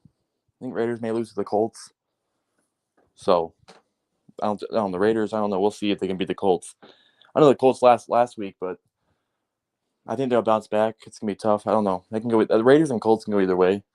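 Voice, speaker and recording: A man's voice: fairly low pitch, brisk, long pauses. A man in a casual, heated sports rant, cursing often and leaning on fillers like "like" and "man". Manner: profane, heated, animated ranting with frequent fillers.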